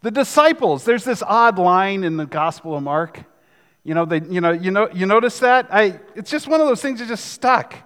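A man's voice: high voice, lively intonation, normal speed, a bit bright, clean tone, in a large hall. A man in his fifties preaching a sermon as pastor, in a conversational, joking manner. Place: church sanctuary.

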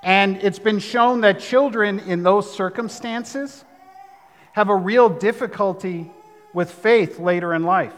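A man's voice: sits high, slow, big-room sound. A man preaching a sermon, talking conversationally with asides. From United States. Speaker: pastor.

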